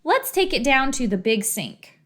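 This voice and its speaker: A woman's voice: high voice, sing-song, a little slow. A woman voicing a bossy, confident young girl who talks in a breezy, teasing way.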